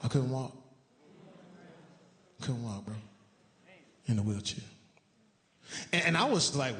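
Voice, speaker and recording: A middle-aged man performing a stand-up routine, telling a story with animated swings into a high excited voice. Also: moderate pace, pauses often. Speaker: stand-up comedian. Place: large live venue. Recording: echoey hall with loud crowd. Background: audience laughter and noise.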